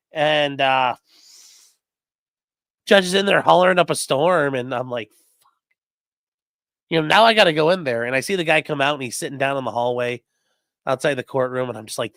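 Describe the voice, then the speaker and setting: A man's voice: fairly high pitch, moderate pace, long pauses, no room sound, studio quality. A man who works as a defense attorney, telling courtroom stories in a casual, profane way and acting out the people he quotes. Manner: profane, animated storytelling with acted-out quotes. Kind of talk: casual livestream chat.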